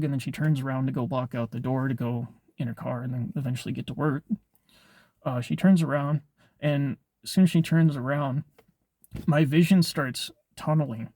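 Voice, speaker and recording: A man's voice: a little high, mellow, dry recording. Rambling young man telling a story. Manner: rambling, heavy filler words and swearing. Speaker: vlogger. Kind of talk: casual storytelling.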